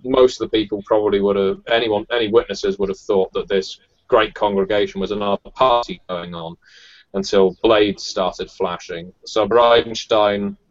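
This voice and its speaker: A man narrating as game master in a tabletop role-playing game, measured and hesitant with fillers. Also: on the low side, muffled recording.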